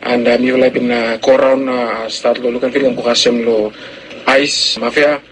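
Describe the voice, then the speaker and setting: A man's voice: medium pitch, little pitch movement, moderate pace, fairly bright tone, slight background noise, poor audio. A man, leading a search and rescue, speaking hesitantly with many fillers in a news interview. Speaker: rescue operation leader.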